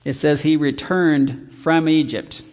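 Male Bible teacher, conversational sermon, fairly high voice, long hall reverb. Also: fairly even intonation, slow pace, a little mellow. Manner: conversational, rhetorical questions. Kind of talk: evening Bible study sermon.

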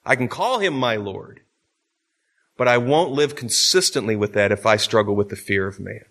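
A man's voice: on the low side, normal speed, fairly bright tone. A man teaching a Bible class from notes, talking conversationally and with emphasis, often checking in with his listeners.

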